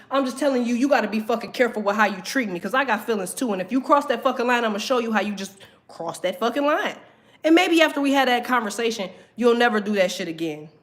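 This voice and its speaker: Blunt, foul-mouthed woman. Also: a little high. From Southern United States. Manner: blunt, heavy cursing, emphatic. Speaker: tarot reader teaching a class. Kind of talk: profane motivational talk to viewers.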